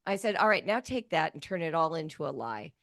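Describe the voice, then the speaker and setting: A woman in her fifties with a fairly low voice talks through her teaching ideas as a guest, telling animated stories and acting out quoted lines. The sound is dry and close. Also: brisk, no echo. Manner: animated storytelling, acts out quotes. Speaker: writing educator, guest. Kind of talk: conversational interview.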